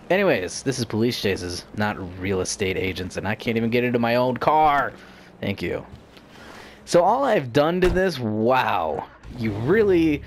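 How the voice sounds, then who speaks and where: A young man with a mid-range voice talks over his game footage with playful, jumpy energy, often poking fun at himself. Faint ambient noise sits under his voice. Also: mid-range voice. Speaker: gaming YouTuber. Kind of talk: casual gameplay commentary.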